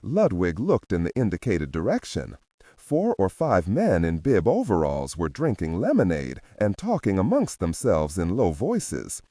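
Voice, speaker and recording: Deep husky male audiobook narrator. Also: wildly swooping pitch, a little slow, mellow, no room sound, studio quality. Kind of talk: scripted narration.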